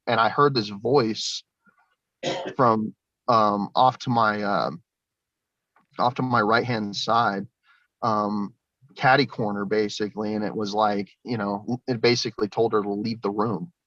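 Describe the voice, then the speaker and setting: A man's voice: fairly low pitch, a bit bright, no room sound, lo-fi sound. A young man telling a long personal story in an interview, rambling with many fillers and restarts. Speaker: guest. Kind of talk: recounting personal experiences.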